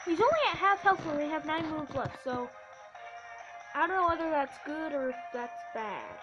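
A high-voiced woman talking through her gameplay in a casual, excitable way, reacting with quick oohs and small cheers. Game music plays steadily behind her. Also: muffled recording. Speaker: let's play host.

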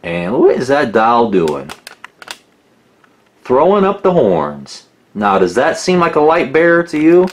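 A man's voice: a little high, huge pitch swings, a little slow, long pauses. A man giving casual critical commentary as a documentary narrator, sarcastic and rambling with many restarts.

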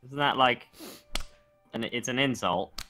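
A man's voice: medium pitch, pushed and bright, faint music behind. A young man chatting casually and playfully while playing a video game with a friend. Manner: chatty, playful, quick to laugh. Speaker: gamer. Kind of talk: casual gaming chat.

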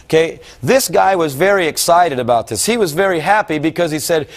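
Folksy high-voiced male preacher. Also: expressive, a little fast. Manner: folksy, rambling, addresses the audience directly. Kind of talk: sermon recounting a dream.

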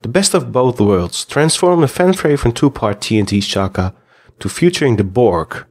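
A man hosting a podcast and reading a news segment in an even, read-aloud way. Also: medium pitch, moderate pace. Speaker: podcast host.

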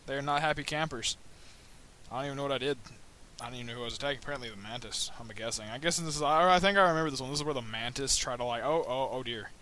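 A man's voice: rapid-fire, a little hiss or hum. Rambling man yelping over a game. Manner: rambling and joking, with sudden high excited yelps. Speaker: gameplay commentator. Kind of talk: let's play commentary. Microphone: new budget microphone.

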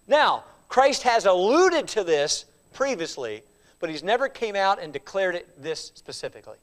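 A man teaching a Sunday school Bible study as pastor, acting out quoted lines with lively feeling and at times dropping to a quiet, confessional tone. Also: very high voice. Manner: animated, acts out quoted speech.

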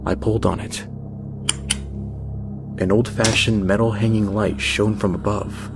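A man's voice: on the low side, flat delivery, creaky, noisy background. Man reading a creepy story. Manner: measured, tense narration. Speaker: narrator. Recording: music bed under voice.

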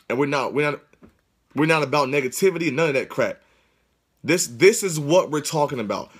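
Fervent preachy man on a phone livestream. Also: mid-range voice. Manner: fervent, preachy, repetitive exhortations; religious, churchlike phrasing. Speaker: livestream host. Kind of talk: excited livestream address to viewers.

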